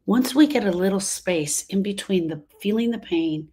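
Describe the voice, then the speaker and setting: This grief podcast host, a Louisiana woman in her 60s, speaks at a moderate pace in a medium-pitched, mellow, slightly rough voice with lively intonation. She earnestly tells listeners her heartfelt story, repeating phrases for emphasis.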